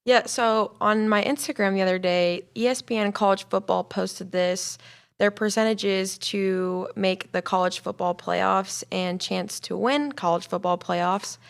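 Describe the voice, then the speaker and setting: Woman, co-host, brisk, reading figures, gravelly, casual. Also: mid-range voice, fairly even intonation. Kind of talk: casual sports talk.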